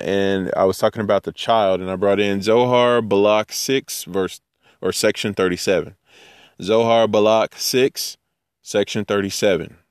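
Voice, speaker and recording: Slow, smooth-voiced man teaching scripture. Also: medium pitch, no echo, studio quality. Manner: reads verses slowly, then jokes in playful voices. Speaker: Bible teacher.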